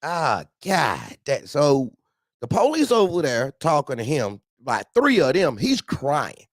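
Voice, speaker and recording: A man's voice: fairly high pitch, measured pace, dry recording, studio quality. A man tells a wild story in casual CB radio chat, repeating himself and cursing freely. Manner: animated, profane, repeats himself. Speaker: truck owner telling a story.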